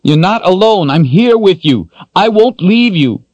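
A man's voice: high voice, animated, measured pace, darkish tone, dry recording, lo-fi sound, voice pushed up. A man voicing a desperate young man, pleading urgently and frantically. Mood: frantic pleading. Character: desperate young man trying to calm a woman.

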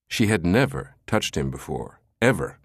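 A male narrator reads a thriller audiobook in a very low, deep voice. His pitch rises and falls with the story. The recording is dry and close to the mic. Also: sing-song, moderate pace, dry recording. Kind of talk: scripted narration of a thriller novel.

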